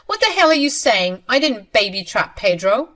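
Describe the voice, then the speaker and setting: Brief: woman voicing a manipulative young mistress in a story reading, pitched up, shrill and accusing. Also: very animated, normal speed, a bit bright. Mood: indignant.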